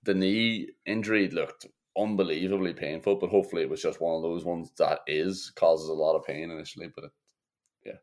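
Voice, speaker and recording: A man's voice: deep voice, steady tone, fairly quick, darkish tone. A man co-hosting a football podcast, chatting bluntly with swearing and laughs. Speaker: podcast co-host. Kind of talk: casual football chat.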